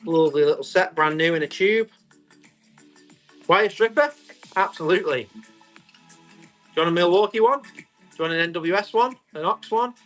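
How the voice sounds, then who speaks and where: A man, selling tools on a live stream, chatty and quick to describe each item and call out the bids. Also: high-pitched, fairly bright tone, soft background music. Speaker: live auction seller.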